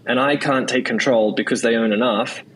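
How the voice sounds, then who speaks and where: A man's voice: medium pitch, fairly even intonation, fairly bright tone, a little hiss or hum, low-quality recording. A man with an Australian accent, a podcast guest talking in a loose, chatty way, with many restarts and repeated words. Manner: quick, loose talk full of "like" and "right?". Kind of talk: casual interview chat.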